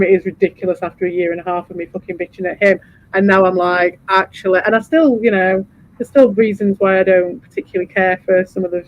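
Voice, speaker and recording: A man streaming, chatting casually, swearing freely and rambling with animated energy. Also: high-pitched, dry recording, lo-fi sound. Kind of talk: casual chat.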